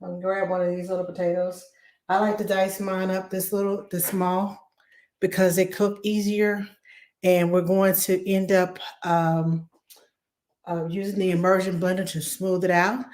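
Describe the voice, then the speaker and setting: Lady hosting a live cooking stream, kinda hoarse voice, chatty, says hi to everyone. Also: lowish voice, level tone, normal speed, a little mellow. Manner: chatty, greets viewers by name. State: hoarse from laryngitis. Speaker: cooking show host.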